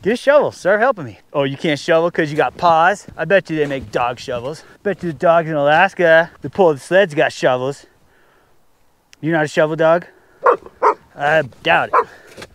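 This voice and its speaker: A man's voice: fairly high pitch, expressive, normal speed. A man chatting casually for a camping vlog outdoors in the snow, rambling and joking and talking to his dog, recorded on an action camera. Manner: rambling, talks to his dog, jokes to the viewers. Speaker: camping vlogger. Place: outdoors in snow at a camp spot.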